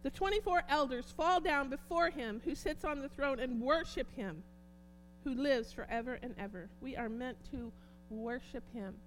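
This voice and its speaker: A woman preaching a sermon and reading scripture aloud, moving from hushed tones to loud shouts. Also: sits high, moderate pace, a little hiss or hum, rough recording. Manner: passionate, swings from hushed to shouting.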